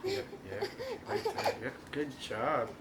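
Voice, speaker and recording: A man's voice: a little high, wildly swooping pitch, unhurried. A man in his thirties, a father patiently explaining and encouraging a small child step by step in a casual home video. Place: home, indoors. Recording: loud background noise.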